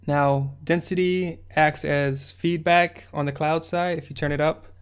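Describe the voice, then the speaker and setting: Chill guy walking through a beat-making tutorial, slangy, kinda flat delivery, voice a bit high. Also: unhurried, smooth. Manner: laid-back, slangy, step-by-step instructions. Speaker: music production tutorial host. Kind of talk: casual screen-recorded tutorial narration.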